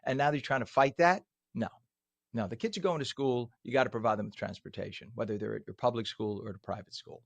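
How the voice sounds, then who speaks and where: A man's voice: mid-range voice, quick pace, creaky, dry recording. A man hosting a morning talk show, reading news items and ranting about them in heated, sarcastic commentary.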